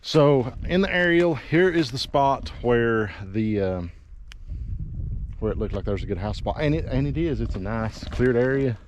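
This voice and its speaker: A man's voice: medium pitch, animated, a little slow, dull audio, a little hiss or hum. A man, walking a piece of land outdoors and talking casually as a realtor, out of breath and rambling with many fillers. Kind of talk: casual walking property tour. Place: outdoors by a river and hillside.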